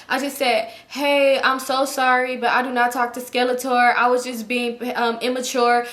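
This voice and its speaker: A woman telling a story casually to her viewers, animated and profane, acting out the people she quotes. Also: on the high side. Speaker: storytime YouTuber.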